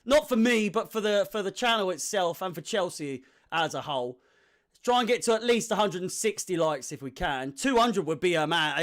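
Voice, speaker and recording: A young man hosts a live football watch-along, chatting to his viewers. His voice sits high and bright, with a lively, swooping delivery that jumps up whenever the game heats up. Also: moderate pace. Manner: excitable, shouts and laughs at chances. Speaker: fan watch-along host.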